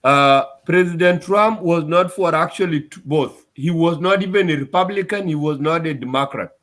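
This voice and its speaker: A man speaks to his community, upset and insistent, and circles back to the same points again and again. His voice sits somewhat high for a man. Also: moderate pace, fairly bright tone. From South Sudan. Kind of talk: impassioned address to his community.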